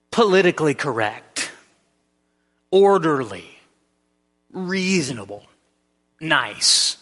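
A man's voice: on the high side, sharp tone, in a large hall. A man preaching a sermon in a conversational way, often restarting his sentences. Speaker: pastor.

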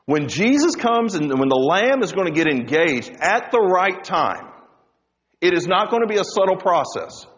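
Man, preaching, animated swings in pitch, long hall echo. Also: moderate pace, muffled recording. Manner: animated preaching, rising and dropping for emphasis. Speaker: pastor. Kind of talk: sermon.

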